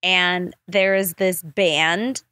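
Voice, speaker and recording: A woman hosting a podcast, telling stories in a casual, animated way, full of "like" fillers and swearing. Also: on the low side, drawn-out words, no echo. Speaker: podcast host. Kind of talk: casual storytelling chat.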